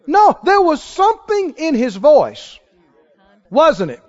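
A man preaching a sermon, telling a Bible story with lively, acted-out dialogue. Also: very high voice, slow. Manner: animated storytelling, acting out the people in the tale. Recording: reverberant hall, somewhat dull sound.

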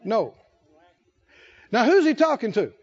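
A man's voice: very high-pitched, very animated, slow. A man preaching a conversational sermon, asking his listeners questions and chuckling between his points. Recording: dull lo-fi sermon recording.

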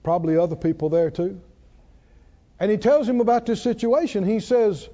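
A man preaching a sermon, swinging between loud, dramatic lines and hushed ones. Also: high voice, normal speed. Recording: muffled sound with long hall reverb.

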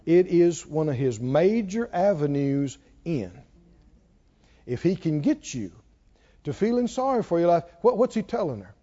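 A man preaching a sermon, swinging between hushed warnings and hollered lines and acting out a tempter's whisper. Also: fairly high pitch, big pitch swings, unhurried, muffled recording.

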